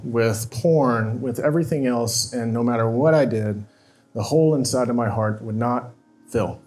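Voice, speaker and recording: A man speaks from a stage, telling a raw personal story in a confessional, emotional way. His pitch sits in a middle range, and he voices the remembered dialogue himself. Faint music plays underneath. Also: a little mellow. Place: stage at a live talk event.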